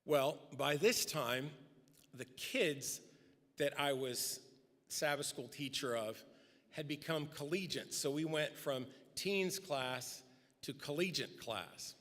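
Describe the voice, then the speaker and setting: A middle-aged man eulogizes someone at a memorial service, taking it slowly in a slightly bright voice. Standing at a podium mic in a big church sanctuary, he tells personal stories and acts out quotes with rising pitch, with long hall reverb around him.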